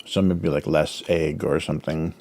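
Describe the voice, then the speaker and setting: A man's voice: rumbling low, fairly even intonation, moderate pace, darkish tone. A man hosting a casual drawing livestream, rambling with many fillers and talking with his mouth full as he snacks. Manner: filler-heavy, chuckles often. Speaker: livestream host, cartoonist.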